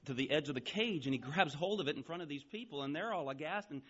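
Animated storytelling pastor in his forties. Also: fairly high pitch, quick pace, lo-fi sound. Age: 40s. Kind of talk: sermon.

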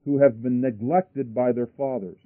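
A man's voice: mid-range voice, steady tone, normal speed, no echo. A man preaching a sermon, building emphasis by repeating his phrases. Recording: tinny phone-like line, dry.

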